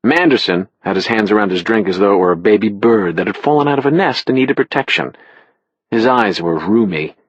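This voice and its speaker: A man narrating an audiobook in the first person with a wry, expressive delivery. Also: on the low side, a little fast, breathy edge, dry recording, dull audio.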